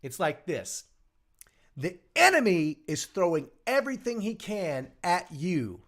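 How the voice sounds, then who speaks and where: Middle-aged guy hosting a live show, fairly high voice, earnest motivational pep talk, says the big lines over and over. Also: very animated, measured pace, fairly bright tone. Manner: earnest, emphatic, repeats key lines. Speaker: show host. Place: small home studio.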